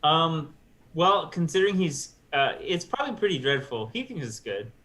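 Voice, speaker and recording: A man plays in a tabletop session, hesitating often and filling gaps with ums. His voice sits slightly high, and his tone stays casual and unhurried. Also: lively intonation, bright, forceful tone. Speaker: player.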